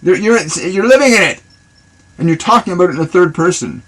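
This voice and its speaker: A man's voice: high voice, animated, brisk, a bit bright, poor audio. A man on a live stream answering viewer questions as a spiritual reader, loose and rambling, repeating himself and voicing affirmations. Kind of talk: casual live-stream guidance. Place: live social video stream.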